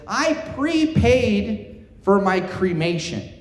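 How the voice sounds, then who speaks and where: A man's voice: high-pitched, very animated, slow pace. A middle-aged man doing a stand-up comedy set on a theater stage, telling self-deprecating stories and chatting with the crowd. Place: theater stage before a live audience. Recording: echoey theater with long reverb.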